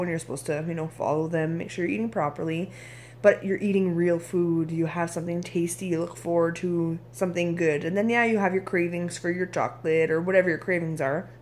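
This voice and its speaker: A woman's voice: on the low side, a little mellow, a little hiss or hum. Candid, tired Canadian woman vlogging. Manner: candid, frank, occasionally swears. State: tired and irritable. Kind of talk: casual video diary.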